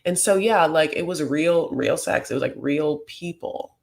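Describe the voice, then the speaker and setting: A man's voice: on the high side, a little slow, gravelly. A man hosting a comedic reality TV recap, talking in a rambling, campy way full of fillers.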